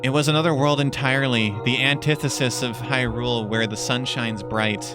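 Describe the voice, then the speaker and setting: A man reading aloud the lines of a mysterious female imp companion in a low, measured storytelling voice. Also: steady tone, natural voice. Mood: solemn. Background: game music.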